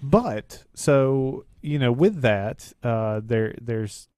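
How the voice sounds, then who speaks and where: A man's voice: mid-range voice, animated, drawn-out words, mellow, smooth, no echo. Hesitant man co-hosting a tech show. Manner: hesitant, lots of ums and restarts. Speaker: co-host. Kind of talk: casual tech talk.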